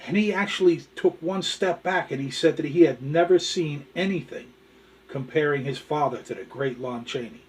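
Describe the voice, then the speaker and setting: Here the man is a show host with a folksy, chatty style, cracking corny jokes and showing off collectibles at a normal speed. For a man his voice sits fairly high, and the recording has him a bit distant from the microphone.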